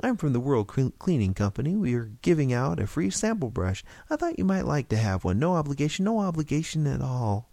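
A man's voice: mid-range voice, very animated, brisk, creaky, hardly any pauses, mellow, no room sound, voice pushed up. Jittery young guy, stammers, a bit raised voice, man reading. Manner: nervous, stammering. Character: anxious young man, unsettled and awkward.

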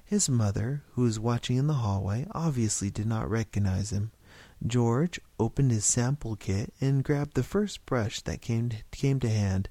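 A man's voice: mid-range voice, unhurried, warm tone, no echo. A man reading a story aloud, narrating with occasional slips and restarts.

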